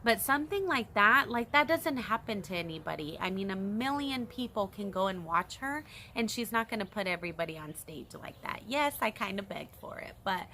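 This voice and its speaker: A young woman casually telling a story to her camera, excitedly and animatedly, with squeals when she quotes reactions. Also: medium pitch, normal speed, hardly any pauses, a little hiss or hum. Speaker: vlogger.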